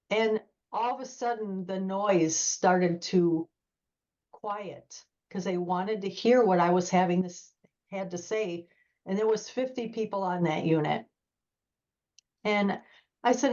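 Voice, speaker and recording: A woman's voice: mid-range voice, takes it slowly, darkish tone, muffled recording. A woman guest, a former corrections officer, earnestly telling a personal story in an interview and acting out the dialogue as she goes. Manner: earnest, vivid retelling with quoted dialogue.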